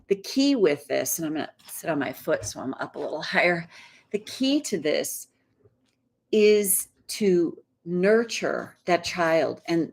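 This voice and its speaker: A woman coach leading a guided tapping session, speaking in a gentle, reassuring, conversational way and slowing down for affirmations. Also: lowish voice. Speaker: inner guidance coach.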